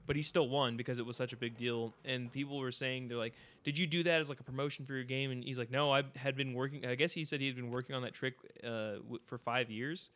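A casual man from California, talking loosely on a podcast. He tells rambling stories packed with fillers, and his voice sits in an ordinary middle pitch. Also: steady tone, fast talker, hardly any pauses, a bit bright. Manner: rambling, filler-heavy storytelling. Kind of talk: casual chat.

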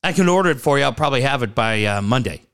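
A man's voice: medium pitch, lively intonation, racing, a bit bright, smooth. A middle-aged man telling a profane, ranting story in casual chat, acting out other people's lines.

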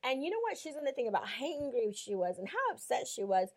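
This woman, from Mexico, speaks fast in a voice on the high side, telling a story on a Christian talk show. She's an animated storyteller who performs quotes and laughs a lot.

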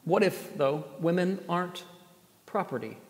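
A man preaches with a slightly high voice that rings through a roomy hall. His sermon builds through pointed rhetorical questions and a touch of dry sarcasm. The long reverb trails behind every line. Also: expressive, unhurried. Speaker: pastor. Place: church gathering space.

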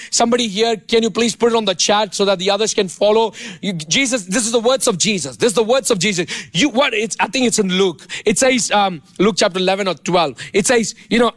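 A man preaching a sermon with impassioned, animated delivery and playful asides to his congregation. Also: high voice, no echo. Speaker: pastor.

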